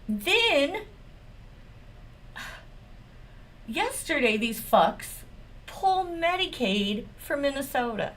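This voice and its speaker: A woman's voice: fairly high pitch, big pitch swings, takes it slowly, long pauses, fairly bright tone. A woman lawyer hosts her own commentary channel. She rants about politics in a blunt, sarcastic voice, swears often, and mocks the people she talks about with open exasperation. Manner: mocking and exasperated. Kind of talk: profane political commentary rant.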